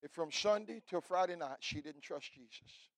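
Male pastor, middle-aged, fervent sermon voice, a bit high, dry close sound, loud peaks to quiet lows. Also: normal speed, no echo. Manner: preachy, swings from shouting to hushed. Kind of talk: fiery revival sermon.

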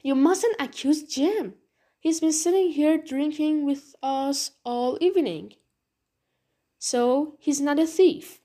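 A woman voicing a male village landlord, measured and reasoning. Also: sits high, warm tone, pitched above the performer's own voice. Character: steady male village landlord, calm mediator.

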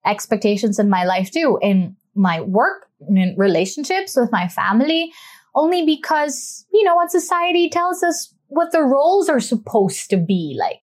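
A young adult woman hosting a talk show, speaking in an earnest, chatty way and slowing down to stress her points. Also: on the high side, big pitch swings. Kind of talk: casual reflective talk.

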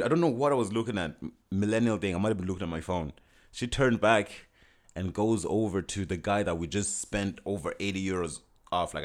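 A young man with a very low, deep voice tells a personal story in a loose, casual way. He talks in an animated rush, restarting sentences and acting out what people said. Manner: animated, frequent restarts and quoted dialogue.

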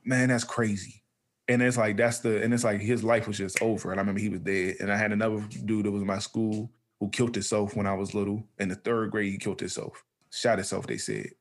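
Fast-talking man telling a story. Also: fairly low pitch. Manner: animated storyteller acting out voices, laughing often. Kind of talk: casual storytelling.

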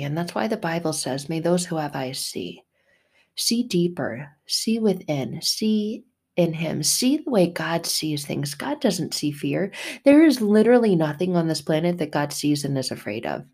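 A woman's voice: medium pitch, dark tone. A woman hosting a faith podcast, giving an emphatic, repetitive inspirational talk in a casual way.

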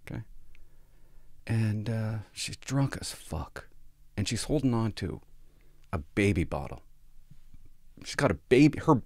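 A man's voice: low-pitched, no echo, studio quality. A man doing a crude, sardonic stand-up set about police work, swearing freely. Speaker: stand-up comedian and police officer.

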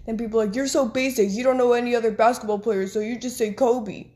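A woman's voice: a little high, steady tone, fast talker, dark tone. A woman co-hosting a casual podcast, talking at length and peppering her sentences with "like". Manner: talkative, uses lots of "like". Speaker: podcast co-host.

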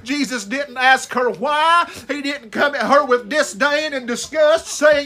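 A man preaching an impassioned sermon, stretching key words and rising to shouts at the high points. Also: slow, few pauses.

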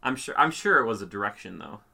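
A man's voice: on the low side, lively intonation, fast talker, creaky, sharp tone, breathy edge. A young man hosting a casual family interview, playful and teasing. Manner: playful, teasing, puts on silly voices in quotes. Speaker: host.

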